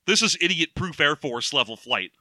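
A man's voice: a little high, animated, normal speed, sharp tone, dry recording. A man co-hosting a casual podcast, recapping a story in a joking, rambling way. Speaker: podcast co-host. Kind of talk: casual book-discussion chat.

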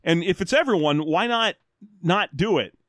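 A man co-hosting a podcast in casual chat, animated and mock-ranting with plenty of swearing. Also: sits high, moderate pace, no room sound. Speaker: podcast co-host.

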